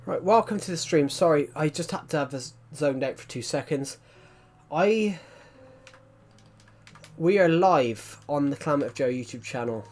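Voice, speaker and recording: A man's voice: on the high side, expressive, moderate pace, a little mellow. A man live-streaming a game, chatting casually and rambling with stumbles as he greets viewers. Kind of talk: casual live-stream chat while gaming.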